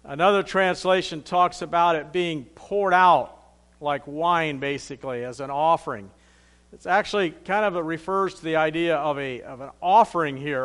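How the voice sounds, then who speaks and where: A man's voice: fairly high pitch, a bit bright. A man preaching a sermon in a conversational, plain-spoken way, reading scripture aloud and then explaining it.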